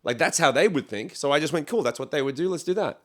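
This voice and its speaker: A man, a singer-songwriter, chatting casually on a podcast, telling animated stories, acting out what others said and swearing freely. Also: on the high side, quick pace. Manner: animated storyteller who acts out quotes, swears freely.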